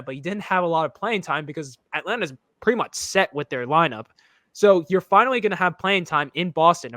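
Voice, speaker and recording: A man's voice: a little high, fairly bright tone, no echo, clean studio sound. A young man from the United States co-hosting a casual sports chat, opinionated and rambling, often restarting his sentences. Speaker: podcast co-host.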